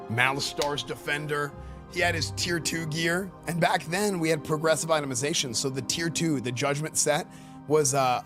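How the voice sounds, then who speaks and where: Male live streamer, slightly high voice, loose and rambling commentary delivery, faint background music. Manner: excitable, rambling, filler-heavy with repeated words. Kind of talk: live-stream commentary reacting to game questions.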